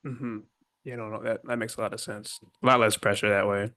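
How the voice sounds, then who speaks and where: An American man interviewing a guest in a relaxed, conversational way. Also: lowish voice, brisk. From United States. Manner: relaxed, brief affirmations.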